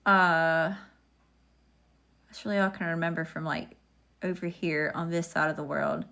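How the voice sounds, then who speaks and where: A woman's voice: low-pitched, level tone, normal speed, vocal fry, pushed and bright. Sassy woman reading tarot. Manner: sassy, chatty, talks to viewers. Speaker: tarot reader. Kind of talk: casual live-stream tarot reading.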